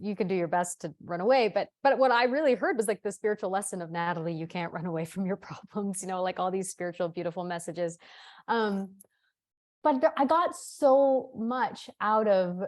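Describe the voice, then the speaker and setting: Animated woman telling a story. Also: medium pitch. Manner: animated, laughing often, repeats words. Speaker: podcast co-host. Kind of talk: casual storytelling.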